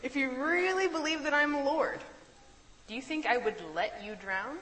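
Brief: Jesus, a calm, gently chiding man read by a woman, bright-toned, long room reverb. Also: high voice, normal speed, voice pushed up. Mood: gently rebuking.

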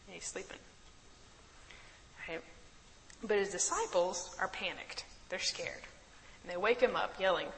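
Bright-voiced woman teaching a Bible study. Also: fairly low pitch, a little slow, pauses often, big-room sound, slight background noise, low-quality recording. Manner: chatty, laughs easily, keeps asking "right?".

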